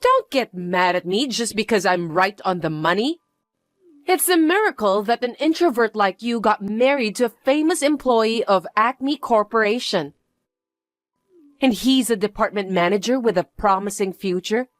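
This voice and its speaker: A woman's voice: medium pitch, dry recording, lightly acted. A woman voicing a spoiled, boastful young stepsister who talks in a condescending, whiny and demanding way. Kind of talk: dramatized story reading.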